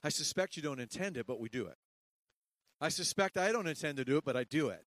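Middle-aged guy preaching, goes quiet then loud, kinda high voice, dry sound. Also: expressive, fast, no room sound. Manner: dynamic preaching, swings between hushed and emphatic. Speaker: pastor. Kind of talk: sermon.

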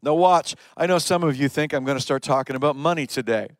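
A man's voice: fairly high pitch, fast talker, dry recording. A man preaching a sermon, retelling stories and pressing his points with rising emphatic questions. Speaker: pastor.

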